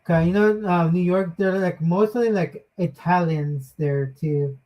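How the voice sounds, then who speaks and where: Slow, halting woman on a dull line. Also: on the low side. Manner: halting, searching for words. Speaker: host. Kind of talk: casual chat. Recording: dull lo-fi sound.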